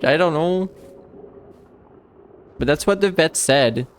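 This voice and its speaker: A man's voice: a little high, lively intonation. A man streaming a game live, chatting casually and rambling with many restarts and fillers. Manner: rambling, halting with frequent restarts.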